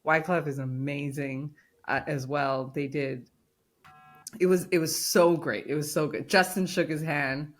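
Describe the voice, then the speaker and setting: Woman podcast co-host, lowish voice, animated storyteller. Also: a little slow. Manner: animated storytelling, acts out quotes. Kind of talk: casual chat.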